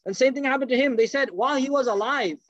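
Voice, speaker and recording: A man with a high voice tells a religious story at a quick clip, acting out each quoted line. The recording is dull and lo-fi, with a dry, close sound and no room echo. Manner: animated storyteller, acts out quoted speech. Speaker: religious teacher. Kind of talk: storytelling lecture.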